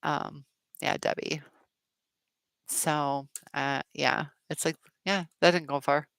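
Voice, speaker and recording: Gravelly-voiced woman chatting on a live stream. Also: low voice, fairly even intonation, takes it slowly, a bit bright, no echo. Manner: rambling, many fillers, supportive. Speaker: live chat host. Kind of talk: casual live-stream chat, reading out viewer comments.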